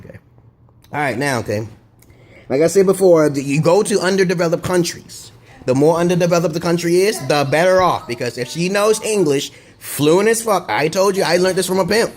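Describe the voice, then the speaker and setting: A man with a high voice rants straight to camera in a loose vlog monologue. He swears constantly and wanders from point to point. He keeps circling back to check in with a quick "okay?". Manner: profane, rambling, digressive monologue; repeats himself and checks in with "okay?". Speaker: video blogger. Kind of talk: casual vlog rant to camera.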